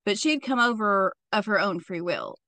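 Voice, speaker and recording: A woman's voice: mid-range voice, animated, normal speed, sharp tone, no echo. Young female podcast host, casual true-crime storyteller, swears freely, dry close-up sound. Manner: chatty and profane, with frequent "like" fillers.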